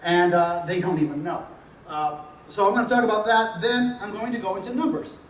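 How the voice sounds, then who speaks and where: A man's voice: sits high, fairly bright tone, slight background noise. A man with a New Jersey accent giving a humorous conference talk, blunt and punchy, driving points home with repetition. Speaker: conference speaker. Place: large hall. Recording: echoey hall recorded from a distance.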